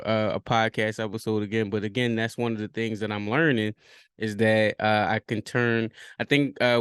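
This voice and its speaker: A man talks through a reflective solo podcast, pausing on fillers and restarting sentences as he thinks aloud. His voice sits on the low side and comes across smooth and resonant. The sound is dry and close, with no room around it. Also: dry recording. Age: 30s. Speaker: podcast host.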